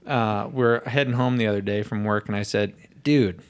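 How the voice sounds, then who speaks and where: A man's voice: lowish voice, steady tone, normal speed, smooth. A man on a casual podcast, telling a story with lots of swearing and acting out what others said. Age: has a young daughter. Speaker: podcast host.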